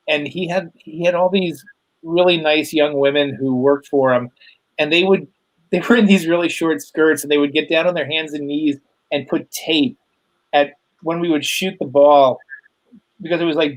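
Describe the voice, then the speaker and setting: A middle-aged man with a slightly high voice tells loose, rambling stories as a guest. He talks through a video call, full of fillers and little laughs. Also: poor audio. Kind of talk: casual storytelling chat.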